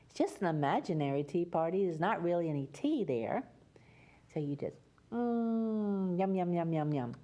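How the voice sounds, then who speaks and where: Speaking to young children as the host of a kids' show, this woman reads a fairy tale in a soft, lilting, sing-song style. Her voice sits in the middle range.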